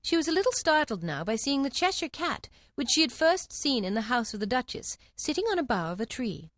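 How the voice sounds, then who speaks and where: A woman narrating a storybook in an expressive, lively reading. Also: high-pitched, fairly quick, no echo, clean studio sound.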